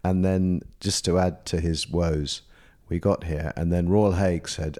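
A man's voice: deep voice, fairly even intonation, unhurried, few pauses, warm tone. A man chatting as a podcast guest, telling anecdotes and teasing his colleague. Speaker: podcast guest, business partner. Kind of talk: casual chat.

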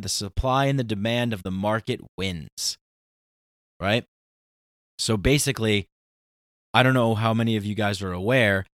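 A man's voice: fairly low pitch, no room sound, studio quality. A man hosting a podcast, talking in a casual, ranting monologue with emphatic outbursts. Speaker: podcast host.

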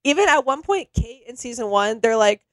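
Woman podcast host, fairly high voice, dry close mic, rambling animated retelling. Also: brisk, dry recording. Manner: animated storyteller, heavy use of "like". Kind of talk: casual chat, animated retelling.

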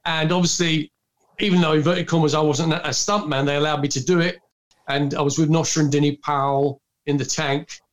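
A man's voice: on the high side, level tone, fairly quick. An older man, telling film-set anecdotes on a video call in a rambling way, full of fillers and restarts. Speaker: guest recalling film work. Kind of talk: anecdotal storytelling.

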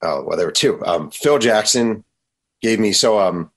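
A man being interviewed as an author, telling lively anecdotes and acting out quotes. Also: on the low side, measured pace, husky. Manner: animated anecdotes, acts out quotes. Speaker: author guest. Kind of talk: storytelling interview.

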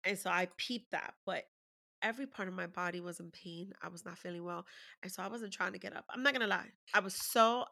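A woman's voice: lowish voice, brisk, creaky, sharp tone. A woman candidly telling a personal parenting story in conversation, openly emotional and swearing freely.

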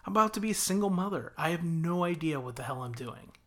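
A man's voice: fairly high pitch, lively intonation, fast talker, pitched above the performer's own voice, natural voice. A man reading aloud and voicing a frightened young woman about to become a single mother, in an anxious, raised voice. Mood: worried.

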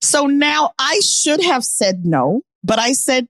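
A woman's voice: high voice, slow, no room sound. A woman co-hosting a podcast, telling a funny story in a casual chat and acting out the people in it. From Nebraska, United States. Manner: animated, laughing storyteller who acts out quoted lines. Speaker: podcast co-host.

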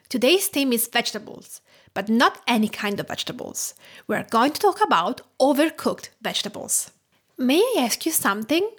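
A woman's voice: a little high, slightly rough. Italian-accented woman hosting a cooking podcast. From Tuscany, Italy. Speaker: podcast host and home cook. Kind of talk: scripted podcast narration.

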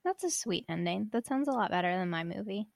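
A woman chimes in with short, wry remarks in casual chat. Her voice has a gravelly, fry-touched edge, and the sound is dry and close. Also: mid-range voice, animated, a little fast, no room sound. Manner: wry, chiming in with short comments.

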